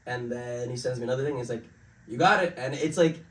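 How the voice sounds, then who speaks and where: A young adult man with an American accent, a guest actor in a casual podcast chat, telling stories with lively acted-out quotes and frequent laughter. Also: mid-range voice, quick pace, echoey room, far from the mic. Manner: animated storyteller who acts out quoted lines and laughs often.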